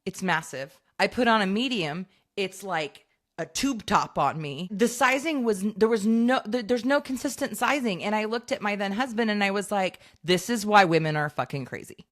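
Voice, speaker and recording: A woman's voice: mid-range voice, animated, moderate pace. Chatty American woman telling rambling stories. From United States. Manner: rambling, storytelling, frequent laughs. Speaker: podcast co-host. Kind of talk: casual chat.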